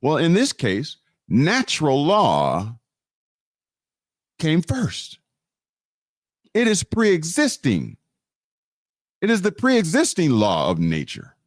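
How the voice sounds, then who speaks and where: A man's voice: on the high side, huge pitch swings, slow, long pauses, no room sound, clean studio sound. A man hosting a live online teaching, preaching about law and scripture with emphatic repetition and frequent restarts. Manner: preachy, emphatic, repeats key phrases. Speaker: host of a live teaching stream.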